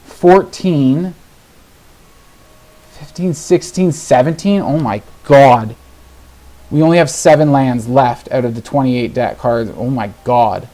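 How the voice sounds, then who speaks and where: Male gameplay host, frustrated rant, mutters then yells, mid pitch. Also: takes it slowly. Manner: exasperated ranting, swearing, swings between muttering and shouting. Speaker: gaming video host. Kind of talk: live gameplay commentary.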